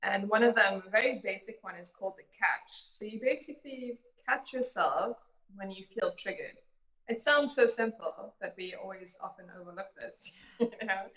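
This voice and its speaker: A woman's voice: mid-range voice, moderate pace, fairly bright tone. A woman, a relationship coach, giving earnest, explanatory advice in a casual interview over a video call. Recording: muffled, echoey room.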